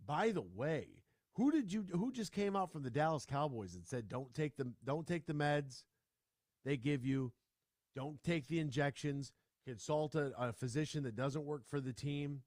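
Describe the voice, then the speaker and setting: Animated male sports radio host, dry studio. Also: on the high side, moderate pace, no room sound. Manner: animated, ranting, full of restarts. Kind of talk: casual sports talk.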